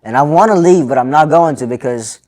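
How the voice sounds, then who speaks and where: A man's voice: on the high side, a little fast. A man co-hosting a podcast, venting in casual chat, swearing freely. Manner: swears a lot, animated venting. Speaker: podcast co-host.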